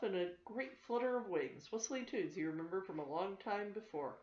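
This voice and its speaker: An older woman reading a children's story aloud for her grandchildren, gentle and steady, in a roomy, slightly dull home recording. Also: mid-range voice, normal speed.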